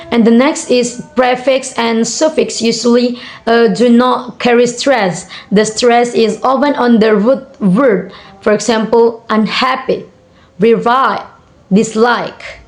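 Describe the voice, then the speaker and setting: A young woman reads out a class assignment, moving at an unhurried, halting pace. Her voice sits a little on the high side. She pauses often on fillers and says example words more than once. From Indonesia. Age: young adult. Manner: hesitant, frequent fillers and repeated example words. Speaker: university student. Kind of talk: reading a class assignment on word stress.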